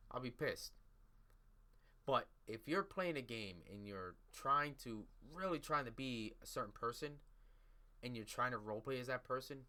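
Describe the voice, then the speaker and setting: A man's voice: medium pitch, bright, forceful tone. A man hosting a podcast in a casual solo commentary, talking in a crude, rambling, blunt way. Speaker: podcast host.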